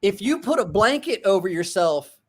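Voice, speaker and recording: A middle-aged man from a small rural town, hosting and telling profane, animated stories in casual chat. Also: high voice, normal speed, slightly rough. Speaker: host.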